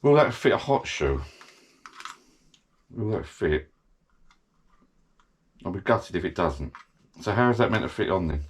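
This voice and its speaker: A man's voice: low-pitched, very animated, a little slow, pauses often. A middle-aged British man chatting casually while he unboxes a gadget, rambling and thinking aloud as he goes. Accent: British English.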